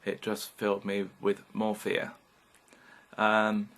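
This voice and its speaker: Gravelly British man in his fifties. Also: lowish voice, completely flat delivery, slow pace, fairly bright tone. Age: 50s. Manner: frank, rambling, swears casually. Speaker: vlogger. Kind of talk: candid personal vlog monologue.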